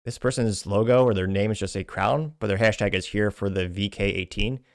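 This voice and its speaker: A man's voice: on the low side, fairly even intonation, fairly quick, no room sound, clean studio sound. A man hosting a podcast, casually reading social media comments aloud in a stumbling, self-deprecating way with frequent restarts. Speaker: podcast host.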